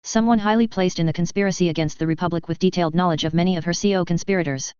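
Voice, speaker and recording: A woman voicing a scowling, hostile male official, low and smooth in a slightly dull recording. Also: fairly even intonation, racing, darkish tone, dry recording, lightly acted. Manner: snarling.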